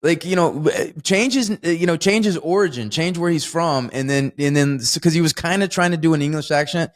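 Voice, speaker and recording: A man co-hosting a podcast, chatting casually about a film with lots of laughter and excited jumps in pitch. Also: a little fast. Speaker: podcast co-host. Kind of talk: casual film review chat.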